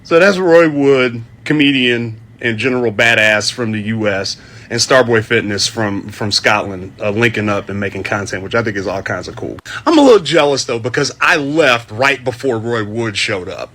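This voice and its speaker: A man's voice: mid-range voice, animated, normal speed, fairly bright tone. A man narrating his travel vlog in an upbeat, conversational, scripted way. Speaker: travel vlogger.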